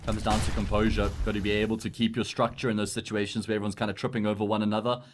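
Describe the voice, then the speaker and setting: South African esports commentator, analytical. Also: male voice, lowish voice, level tone, background noise. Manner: analytical, measured breakdowns of plays.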